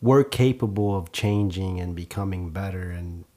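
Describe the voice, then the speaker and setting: Male interviewer, very low and dark, short supportive replies. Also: normal speed. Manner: brief, supportive affirmations. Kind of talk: casual interview chat.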